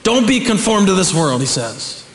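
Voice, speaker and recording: A middle-aged man preaching a sermon as pastor, animated, building to shouts, with joking asides. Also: high-pitched, moderate pace, slight background noise. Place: church sanctuary. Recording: echoey church hall with long reverb.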